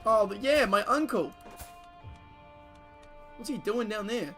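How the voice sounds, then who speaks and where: A man's voice: high voice, lively intonation, takes it slowly, bright, forceful tone, soft background music. A man giving casual gameplay commentary, joking and swearing and reading game events aloud. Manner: casual, profane, joking banter with frequent laughter. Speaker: streamer.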